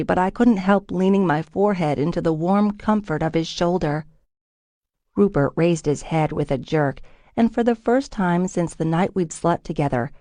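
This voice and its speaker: A woman reading first-person audiobook narration in a steady, expressive way from a close studio mic. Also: fairly low pitch, no room sound.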